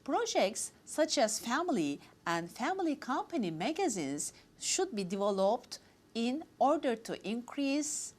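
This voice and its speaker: Lady reading out formal points one by one, kinda high, lots of pitch movement. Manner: formal, list-like delivery. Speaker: host. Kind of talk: reading prepared remarks.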